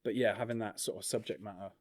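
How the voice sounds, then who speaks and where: A man, a documentary filmmaker, talking in a relaxed, rambling way on a casual podcast, full of fillers and swearing. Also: lowish voice, fast talker, dry recording, studio quality. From England.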